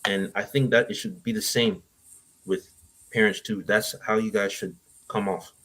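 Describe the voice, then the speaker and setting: Young male guest, slightly low voice, halting and rambling. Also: fairly even intonation, fairly bright tone. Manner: rambling, halting with restarts and fillers. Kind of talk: casual chat, giving advice.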